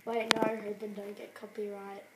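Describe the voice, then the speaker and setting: A woman's voice: medium pitch, completely flat delivery, normal speed. A young woman giving casual, rambling, giggly gameplay commentary with self-mocking jokes. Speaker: gamer. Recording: echoey room with clear background noise.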